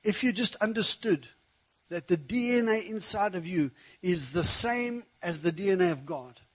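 A man preaching a sermon, telling a personal story in a conversational, animated way. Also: high-pitched, normal speed, slightly rough, poor audio.

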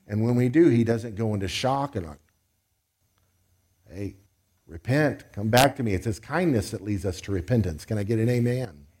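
A man's voice: lowish voice, warm tone. A man preaching a sermon in a conversational way, acting out quoted voices as he goes.

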